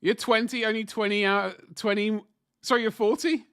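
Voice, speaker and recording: A man's voice: high-pitched, steady tone, normal speed, a bit bright, smooth, no room sound, studio quality. A man in his forties chatting casually on a livestream while painting miniatures, rambling and self-deprecating as he answers chat. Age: 40s.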